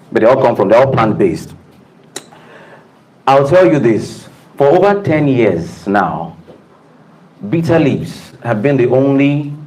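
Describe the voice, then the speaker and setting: A man's voice: mid-range voice, darkish tone, rough recording. A man giving an emphatic, preacher-like talk to a live audience in a room, calling out to the listeners. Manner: emphatic preacher-like delivery with audience call-outs. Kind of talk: motivational talk to staff.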